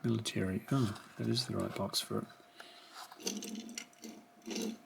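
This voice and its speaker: A middle-aged man unboxing a collection, musing quietly, half to himself, in a room at home. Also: on the low side, fairly even intonation, takes it slowly, gravelly. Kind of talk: casual unboxing commentary. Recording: rustling packaging noise behind.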